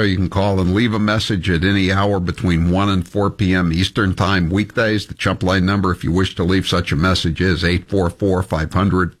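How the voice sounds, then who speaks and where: A man hosting talk radio, rambling wryly with halting fillers. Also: deep voice. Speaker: radio talk show host. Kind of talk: talk radio segment and ad read.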